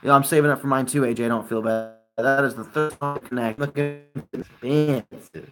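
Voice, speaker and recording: A man's voice: medium pitch, fairly even intonation, moderate pace, over music. A young man in his twenties hosting a casual live stream, chatting with viewers and giving friendly advice.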